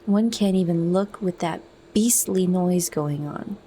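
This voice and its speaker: A woman voicing a brooding, bitter young man in a soft, meditative manner, as whispered role-play. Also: fairly low pitch, unhurried, slight background noise.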